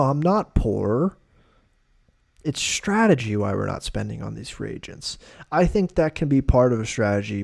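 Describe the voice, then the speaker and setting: A man hosting a solo sports podcast, talking casually in an opinionated, animated way with loose fillers. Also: mid-range voice. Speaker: podcast host.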